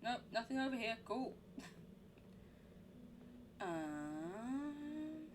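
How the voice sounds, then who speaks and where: A woman's voice: fairly high pitch, very animated, extremely slow, noisy background. A young woman streaming a horror game, chatting in a giggly, rambling way. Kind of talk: live game commentary.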